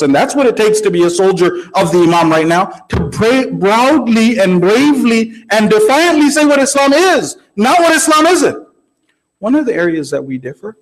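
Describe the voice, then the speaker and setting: High-voiced man preaching a sermon. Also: darkish tone, rough recording. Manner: conversational, keeps asking the audience "right?". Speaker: religious speaker.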